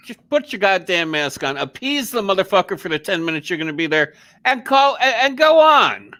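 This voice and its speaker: Brief: male co-host, lively swinging pitch, profane and heated, dry close sound. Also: a little fast, dry recording. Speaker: podcast co-host. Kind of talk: casual chat.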